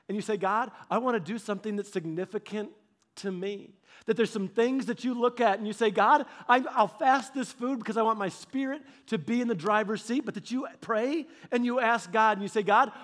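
A woman giving devotional teaching on fasting in a conversational, animated storytelling manner. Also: medium pitch. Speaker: church leader.

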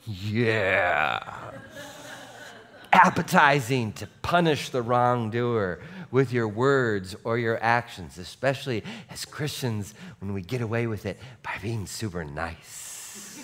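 A man preaching a sermon as pastor, animated, going from soft asides to shouts and acting out what people say. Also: fairly low pitch, slow pace. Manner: animated, swings between soft and shouting, acts out quotes.

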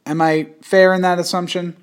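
Young male podcast host with a high voice, crude and jokey, loose casual delivery. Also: little pitch movement, normal speed, clear, resonant tone. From suburbs of New York City. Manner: crude joking, puts on an old-timey voice.

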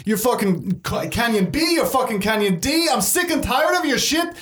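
Guy putting on a cranky cussing underground lady, high pitched, yelling at everyone. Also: animated, moderate pace, roomy sound. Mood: angry. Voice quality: high-pitched shouting, cursing. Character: foul-mouthed stout underground woman, hostile and fed up.

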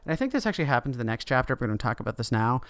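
A man co-hosting a casual book podcast, retelling the story and slipping into quick quoted voices. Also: mid-range voice, big pitch swings, smooth, no echo. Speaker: podcast co-host. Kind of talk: casual book discussion chat.

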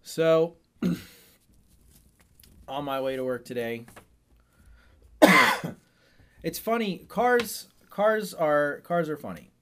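Animated man telling stories on a podcast. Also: on the high side, drawn-out words, pauses often, clear, resonant tone. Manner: animated storytelling with wild laughs. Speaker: podcast host; server in restaurants. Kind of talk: casual chat.

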